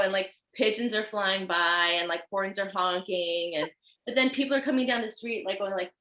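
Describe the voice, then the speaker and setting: A woman with a Haitian accent, a fashion designer guest telling stories in an animated, chatty way. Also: mid-range voice, normal speed. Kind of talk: casual chat. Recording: roomy echo.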